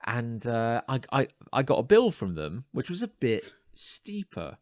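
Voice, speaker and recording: Animated storytelling man, dry close sound. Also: medium pitch, measured pace, no echo. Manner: animated storyteller acting out quoted exchanges; stammers and restarts when building up a story. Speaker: podcast co-host. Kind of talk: casual chat.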